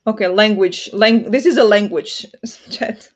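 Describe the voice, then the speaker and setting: Speaking at medium pitch and an unhurried pace, a woman from Flanders with a Flemish accent runs a casual nighttime livestream from home. Dutch is her first language, and she laughs a lot while reading chat messages aloud.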